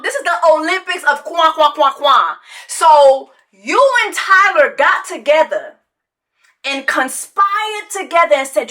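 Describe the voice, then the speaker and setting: A woman's voice: high-pitched, animated, takes it slowly, bright, forceful tone. A woman, giving a sassy, profane reality TV reaction commentary that mocks its subject and breaks into sung quacking. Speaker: commentary host.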